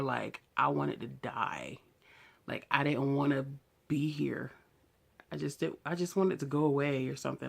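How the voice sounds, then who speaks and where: A woman's voice: deep voice, vocal fry. A woman in her thirties, telling her own story to the camera in a raw, emotional and outspoken way, in loose casual speech. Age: 30s. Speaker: vlogger. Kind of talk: candid personal story to camera.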